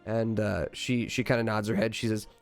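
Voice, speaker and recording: A man's voice: lowish voice, flat delivery, moderate pace, gravelly, soft background music. Man running a tabletop game. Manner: loose, filler-heavy narration. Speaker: game master.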